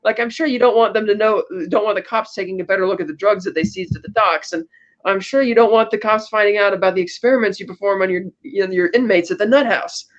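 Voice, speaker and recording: A woman's voice: medium pitch, fast, muffled recording, lightly acted. A woman voicing a jailed male mob boss, retelling his lines casually. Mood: wheedling.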